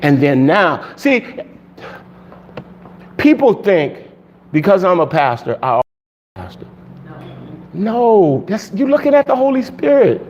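A male pastor preaching a sermon in an animated way, laughing often and shouting for emphasis. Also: high voice, a little slow, long pauses, dull audio, slight background noise.

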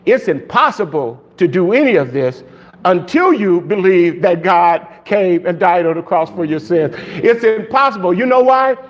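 A male pastor preaching a sermon in an animated way, laughing often and shouting for emphasis. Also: sits high, moderate pace, dull audio.

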